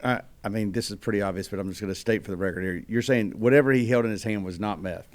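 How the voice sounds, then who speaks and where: A man's voice: fairly low pitch, quick pace. A man co-hosting an interview, asking pointed, clarifying follow-up questions. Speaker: co-host.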